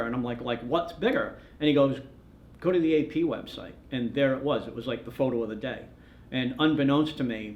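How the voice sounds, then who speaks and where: A male news photographer rambles through his anecdotes in a documentary interview, acting out what each person said. His voice sits at an ordinary middle pitch for a man. The room around him rings with a noticeable echo. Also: dull audio, slight background noise. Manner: rambling storyteller who acts out quoted dialogue. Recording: roomy echo.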